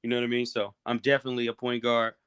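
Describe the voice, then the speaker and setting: Easygoing male guest, measured, mid-pitched voice, close dry sound. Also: level tone, a bit bright, smooth, no room sound. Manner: measured, easygoing, drops "word" and "you know what I mean". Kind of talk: casual live-stream chat.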